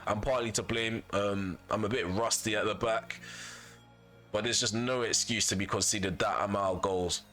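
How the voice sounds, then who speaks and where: A man's voice: on the low side, steady tone, normal speed, pushed and bright, faint music behind. A man commentating casually on his own football video game, venting and repeating himself when annoyed. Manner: frustrated, vents and repeats himself. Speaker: gaming YouTuber.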